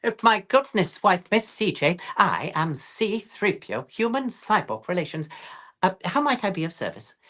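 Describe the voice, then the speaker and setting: A fussy, posh British droid C-3PO. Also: male voice, high voice, very animated, normal speed, fairly bright tone, pitched above the performer's own voice, heavily acted. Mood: flustered, eager. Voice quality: prim, tight, overly helpful. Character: fussy anxious male protocol droid, posh and tense.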